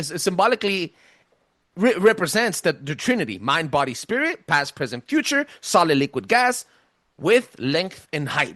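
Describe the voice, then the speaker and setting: A man's voice: on the high side, fairly bright tone, dry recording, studio quality. A man with a thick accent, casually presenting ideas on a podcast, emphatic, stumbling and restarting as he goes. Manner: says he has a thick accent. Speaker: podcast host giving a presentation.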